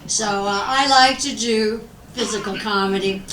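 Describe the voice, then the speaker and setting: A woman doing comic stage banter as a guest entertainer, joking bawdily with lively asides. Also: mid-range voice, measured pace. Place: large club banquet room with audience. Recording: echoey room, far off, loud crowd and noise.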